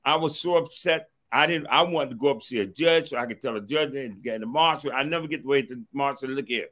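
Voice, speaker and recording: Animated middle-aged man telling a story. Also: mid-range voice, fast. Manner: animated, acts out others' quoted words, repeats a stock phrase to move on. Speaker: storyteller recounting his past. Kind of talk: personal storytelling.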